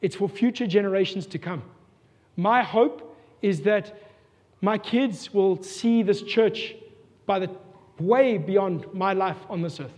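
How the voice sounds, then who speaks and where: A South African man preaching in a fairly high voice, earnest and given to rhetorical questions. His words ring with the long reverb of a church hall. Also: slow, darkish tone. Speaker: pastor. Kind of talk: sermon.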